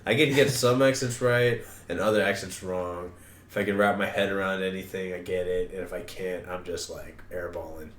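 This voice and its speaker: A man co-hosting a casual podcast chat, rambling and swearing freely with bursts of excitement. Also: deep voice, normal speed. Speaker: podcast co-host. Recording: roomy echo.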